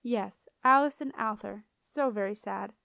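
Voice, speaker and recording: A woman voicing a tall, gentle woman who sees ghosts, speaking in a soft, sing-song way. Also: mid-range voice, a little slow, creaky, dry recording, clean studio sound. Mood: sorrowful.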